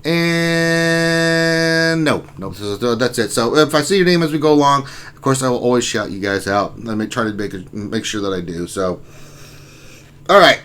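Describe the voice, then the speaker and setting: A man's voice: on the low side, a little fast, a bit bright. A man hosting a casual live stream, reading viewer messages aloud and greeting each one by name, with a sore back and allergies. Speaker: stream host reading chat.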